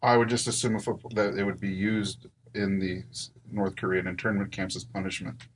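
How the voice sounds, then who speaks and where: A man co-hosting a podcast in casual chat, making dry deadpan jokes. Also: low-pitched, brisk, a little hiss or hum. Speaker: podcast co-host.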